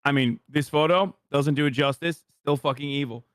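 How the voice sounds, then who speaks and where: A man's voice: a little high, normal speed, clean tone, no echo, clean studio sound. A man streaming from the United States, reacting to a video in brash, profane, joking casual chat.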